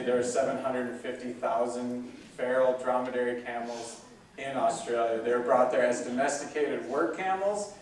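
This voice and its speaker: A man gives a relaxed zoo talk, full of fillers, in a flat, even voice. He stands well back from the microphone, and the large hall adds a heavy echo. The result sounds roomy and distant. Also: medium pitch, slight background noise. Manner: relaxed, chatty, with many fillers. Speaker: zoo staff speaker. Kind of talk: casual public talk.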